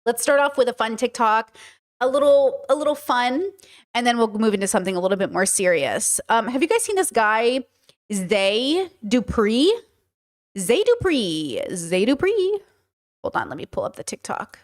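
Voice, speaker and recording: A woman hosting a podcast livestream, chatting casually in a rambling, animated way with lots of fillers. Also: fairly high pitch, moderate pace. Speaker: podcast host.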